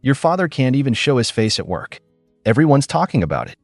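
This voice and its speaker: A man voicing a frantic, guilt-tripping middle-aged mother with a shrill, pleading manner. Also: very animated, a little fast, dry recording, studio quality, faint music behind.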